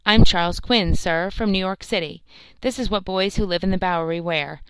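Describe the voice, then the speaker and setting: A woman's voice: lowish voice, moderate pace, clean tone, no echo, lightly acted, rough recording. A woman narrator voicing an earnest, plucky young street boy. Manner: earnest, eager.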